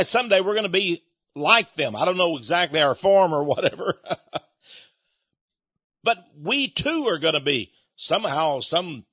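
A man's voice: high-pitched, sharp tone, no echo, muffled recording. A man hosting a radio ministry, making a folksy, earnest appeal for donations and then teaching from the Bible, with frequent restarts. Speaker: ministry leader and program host.

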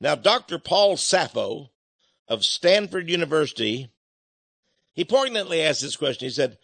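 A man's voice: a little high, very animated, normal speed, vocal fry, a bit bright, no room sound. A man talking to his listeners in an emphatic, rambling monologue, now and then acting out other voices. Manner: emphatic, rambling, acts out robot and caller voices.

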